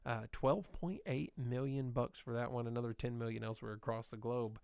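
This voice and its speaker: A man's voice: mid-range voice, fairly even intonation, a little fast, gravelly, darkish tone, clean tone, no echo, studio quality. A man co-hosting a podcast, running through box office figures in a casual, upbeat way with frequent fillers. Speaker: podcast co-host. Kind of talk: casual chat, reading box office numbers.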